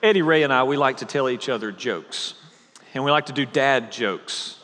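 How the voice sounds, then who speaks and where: A man preaching a sermon to a live congregation, opening with dad jokes and then slowing to emphatic repetition. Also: mid-range voice, a crowd in the background, noisy background. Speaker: pastor. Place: church sanctuary. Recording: long hall reverb.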